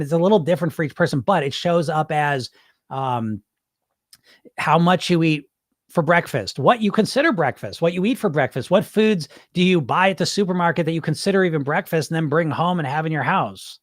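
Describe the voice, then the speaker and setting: A man with a fairly high voice talks in a loose, blunt way, dropping the odd swear word as he speaks to his audience. He sounds close and dry, with no room around him. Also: no echo. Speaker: weight loss hypnotist and podcast host. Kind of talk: casual live-stream talk.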